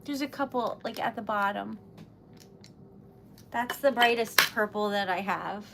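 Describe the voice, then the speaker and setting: A woman's voice: a little high, a bit bright, slight background noise. A young woman chatting on a livestream while crafting, flustered, teary and rambling with giggles. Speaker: livestream host.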